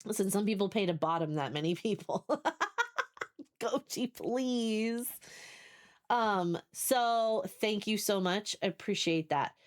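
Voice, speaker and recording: A woman's voice: mid-range voice, animated, slow. A woman with a New Jersey accent streaming a game, chatting with her viewers in a casual, swearing, talkative way. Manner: chatty, swears, talks to chat, restarts often. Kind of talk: casual live stream chat.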